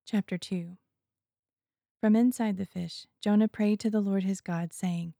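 Woman scripture reader, solemn and measured, low dark voice, dry close sound. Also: steady tone, gravelly, dry recording. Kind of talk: scripture reading.

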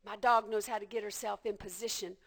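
A woman preacher delivering a passionate sermon, repeating phrases and building to shouts. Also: medium pitch, fairly even intonation, brisk.

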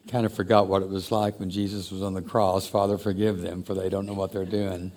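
A man's voice: low voice, flat delivery, fairly quick, darkish tone. A man preaching a sermon in a conversational, reflective way that builds to emphatic exhortation. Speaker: pastor.

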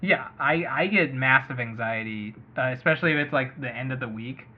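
Here the same kind of casual sports podcast host, a man covering fantasy baseball, speaks a little fast in a medium-pitched voice with a breathy edge. He rambles in a friendly way, hedging constantly as he thinks out loud, over muffled lo-fi sound.

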